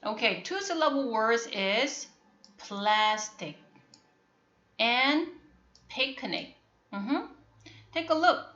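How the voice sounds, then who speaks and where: A woman teaching a phonics lesson online, talking slowly and patiently and repeating her questions to prompt the students. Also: a little high, expressive, bright, forceful tone, reverberant, dull audio, slight background noise. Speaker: English teacher.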